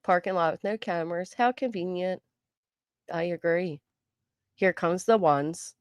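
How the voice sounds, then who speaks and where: A middle-aged woman hosting a live stream, chatting casually with viewers, greeting them by name, and talking fast and loud. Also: on the low side, dry recording. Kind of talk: casual live chat, reading comments.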